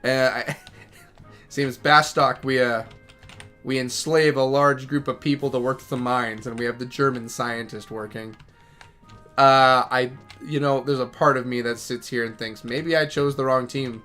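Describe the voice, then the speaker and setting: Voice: mid-range voice, steady tone, a little slow, pushed and bright, soft background music. A gaming streamer giving casual, rambling commentary as they play, joking and self-deprecating.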